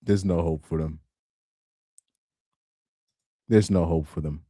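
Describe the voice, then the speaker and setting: A young man talks slowly and casually through a live reaction stream, often laughing and stumbling over repeated words. His voice sits low and sounds dark and mellow. The recording is dry and close. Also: steady tone, no room sound. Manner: laughs often, repeats himself, stammering restarts.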